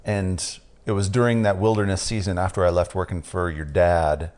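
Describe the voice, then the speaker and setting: Very deep-voiced male podcast host. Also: little pitch movement, normal speed, a little mellow. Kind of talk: casual interview chat.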